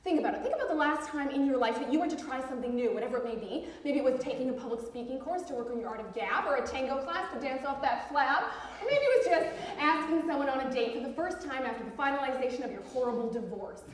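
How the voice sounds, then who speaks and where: An actress playing a brash, pushy self-help author on a theatre stage, talking with giggly, nervous laughs. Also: female voice, sits high, expressive, quick pace, few pauses. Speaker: self-help author giving a book talk. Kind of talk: live stage theatre monologue. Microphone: far room mic in the audience. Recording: echoey, distant theatre hall recording.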